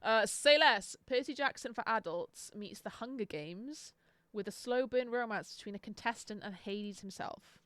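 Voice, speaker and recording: A woman's voice: a little high, moderate pace, a bit bright, no echo. A young woman chatting casually on a live stream, sarcastic and swearing freely. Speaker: book streamer.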